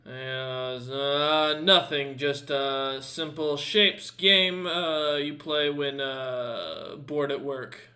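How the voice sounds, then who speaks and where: A simple-minded orc prison guard, put on by a man who mangles his grammar like a child. The voice rings bright and forceful, and it comes in louder than the narrator's plain talk. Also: fairly high pitch, very slow, few pauses, full character voice. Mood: evasive. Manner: broken, childlike speech.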